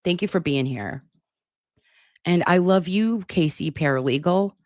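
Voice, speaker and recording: A woman's voice: lowish voice, a little slow, a little mellow, no echo, studio quality. A middle-aged woman hosting a casual livestream, chatting affectionately and reading out viewer comments at her desktop computer. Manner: chatty, affectionate, self-deprecating. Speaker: livestream host. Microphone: computer mic at a desktop.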